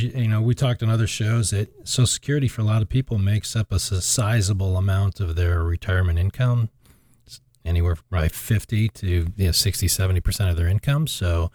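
A man hosting a finance talk show, relaxed and making dry jokes. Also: low-pitched, dry recording. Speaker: radio show host. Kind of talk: casual chat.

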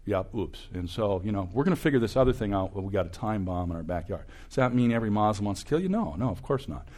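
A man in his sixties with a lowish voice preaches as a campus ministry speaker, talking fast and animatedly. His delivery swings between loud, emphatic bursts and hushed asides.

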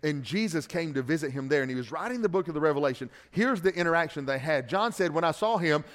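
A man, a pastor, preaching a sermon. He swings between loud emphatic passages and quiet conversational asides, and repeats words when he restarts a phrase. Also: on the high side, animated, fast talker, big-room sound.

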